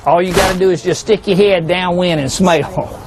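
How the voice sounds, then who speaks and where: A man's voice: high-pitched, fairly even intonation, moderate pace, noisy background. A man giving a folksy, joking hunting seminar, peppering a live audience with rhetorical questions.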